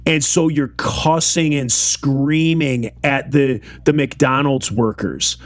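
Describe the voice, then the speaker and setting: A man's voice: mid-range voice, steady tone, takes it slowly, no echo. A man co-hosting a casual podcast chat, ranting at length in a rambling way with many fillers. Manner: rambling, filler-heavy rant. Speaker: podcast co-host.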